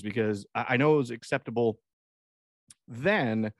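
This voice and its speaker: A man's voice: mid-range voice, moderate pace, dry recording. Male podcast co-host, rambling and laid-back, casual swearing, dry close recording. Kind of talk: casual comedic chat.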